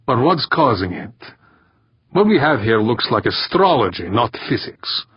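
A man voicing a gruff, tired Russian maintenance chief who growls in a heavy, low voice. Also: big pitch swings, measured pace, dry recording, lo-fi sound, heavily acted. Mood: skeptical.

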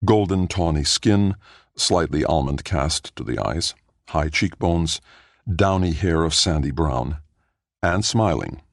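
A man narrating a science fiction audiobook in a measured, even storytelling manner. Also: rumbling low, vocal fry, no room sound, clean studio sound. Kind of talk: scripted narration.

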